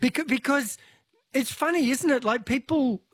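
An Australian talkback radio host chatting with callers in a lively way, laughing and acting out small quoted bits. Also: high voice, normal speed, no room sound. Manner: chatty, laughing, acts out little quoted lines.

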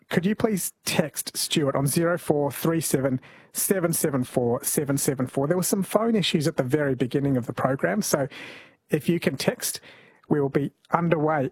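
A man's voice: a little high, normal speed, breathy edge, no echo. A man hosting a late-night talkback radio quiz, chatting and reading out listener texts. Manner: chatty, amused, reads listener texts aloud. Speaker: radio host.

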